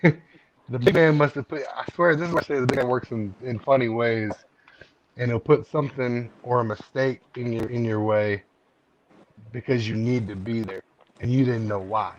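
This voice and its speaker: A man's voice: mid-range voice, steady tone, moderate pace. A man hosting a live stream in casual chat, talking in a candid, earnest way. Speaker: livestream host. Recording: muffled lo-fi stream with background noise.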